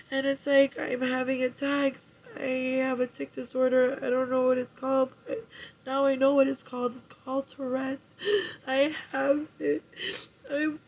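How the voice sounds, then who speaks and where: Woman vlogger, tearful and halting, with a slightly high, mellow voice, swears freely. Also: level tone, muffled recording. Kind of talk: emotional personal vlog.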